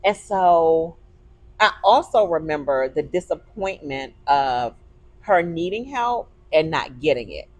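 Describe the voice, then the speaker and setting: A woman co-hosting a podcast in casual chat, telling stories with animated, expressive delivery. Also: sits low, takes it slowly. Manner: animated storytelling, turns emotional. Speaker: podcast co-host.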